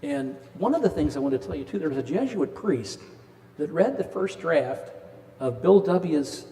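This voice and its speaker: A man's voice: fairly high pitch, expressive, normal speed, dark tone, big-room sound. An older man in his sixties giving a casual, folksy talk on addiction at a parish, joking with the audience. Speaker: presenter of a parish addiction class. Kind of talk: casual lecture with storytelling. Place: parish hall.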